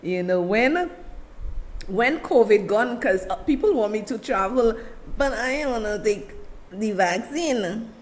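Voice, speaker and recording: Middle-aged Saint Lucian woman, talk host; emphatic, animated, pitched a bit high. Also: measured pace. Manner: animated, emphatic, pleading, chatty. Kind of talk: live commentary show.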